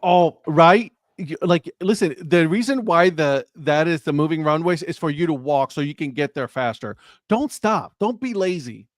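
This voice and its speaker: Co-host, male, lively storyteller, slightly high voice, dry mic. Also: normal speed, hardly any pauses, dry recording. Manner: animated storyteller, acts out dialogue. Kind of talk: casual sports chat. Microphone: live stream remote mic.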